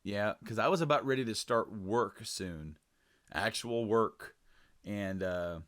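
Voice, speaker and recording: A man's voice: fairly low pitch, slow pace, fairly bright tone. A man co-hosting a podcast, chatting casually and rambling with lots of fillers and restarts. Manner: rambling, loose, many fillers. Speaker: podcast co-host. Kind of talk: casual chat.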